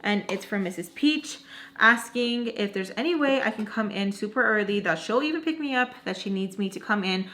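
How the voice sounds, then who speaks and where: A woman's voice: mid-range voice, normal speed. A woman vlogger casually retelling a personal story, rambling with asides and acting out what others said. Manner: animated, acts out quoted dialogue; rambling, self-correcting asides.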